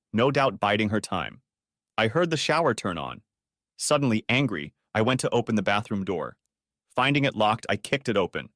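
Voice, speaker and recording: Expressive male audiobook narrator. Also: lowish voice, dry recording, clean studio sound. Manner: dramatic, expressive storytelling. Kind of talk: first-person story narration.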